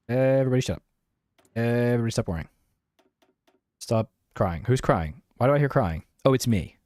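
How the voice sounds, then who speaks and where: A man's voice: mid-range voice, expressive, moderate pace, pauses often, darkish tone, no room sound, clean studio sound. A young man streaming a strategy game, chatting casually, mocking himself and answering his chat.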